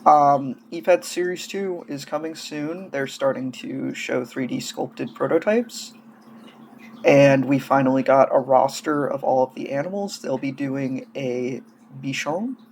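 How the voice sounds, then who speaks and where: A man's voice: medium pitch, measured pace, slight background noise. A man casually gushing and rambling through hobby news in a vlog, coming down with a cold and sounding feverish. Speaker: doll-hobby vlogger.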